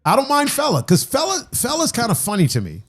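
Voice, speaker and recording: A man's voice: very high-pitched, huge pitch swings, quick pace, a bit bright, husky, faint music behind. A man hosting a casual birthday podcast with friends, rambling and laughing often. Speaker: podcast host.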